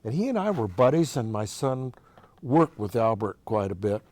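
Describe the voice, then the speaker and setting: A man's voice: lowish voice, sing-song, normal speed, darkish tone, no echo. An older man from Oregon, a musician as interview guest, telling long folksy anecdotes in a chatty way with frequent restarts. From Oregon, USA. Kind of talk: casual storytelling.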